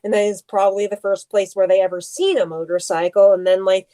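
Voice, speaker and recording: A woman's voice: medium pitch, fairly even intonation, a little fast, dark tone. A woman co-hosting a podcast, chatting casually in rambling tangents full of "like". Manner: rambling, heavy use of "like", tangents. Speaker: podcast co-host. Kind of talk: casual chat.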